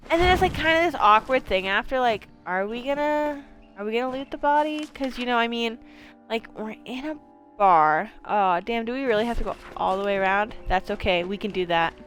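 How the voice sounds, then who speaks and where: A woman gives loose, chatty gameplay commentary as a streamer, wandering from one thought to the next. She swears freely and leans on plenty of fillers, with a voice of ordinary, middling pitch for a woman. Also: fairly bright tone. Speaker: game streamer.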